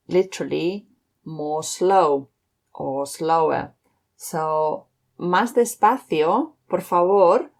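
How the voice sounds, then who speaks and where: A woman teaching a beginners' language lesson. Her voice sits on the low side for a woman. She slows down and pronounces each example phrase carefully. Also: darkish tone. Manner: clear, slowed model pronunciation of phrases. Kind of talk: scripted lesson.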